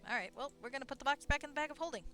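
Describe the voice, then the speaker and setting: A woman's voice: high voice, racing, sharp tone. A young woman streaming a game, chatting casually and bubbly with her viewers. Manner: bubbly, chatty, laughs often. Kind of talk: casual live-stream chat. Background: faint game music.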